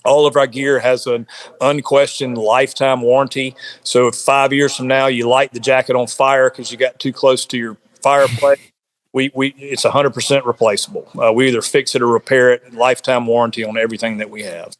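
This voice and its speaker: A man who is a podcast guest, telling a hunting story in a casual, animated way and often repeating words. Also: medium pitch, a little fast. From South Carolina. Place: home, on a remote call.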